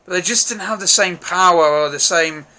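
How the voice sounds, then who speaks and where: A man giving a casual, rambling film review, frank and quick to swear, often hedging and apologizing in case he missed something. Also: high-pitched, pushed and bright.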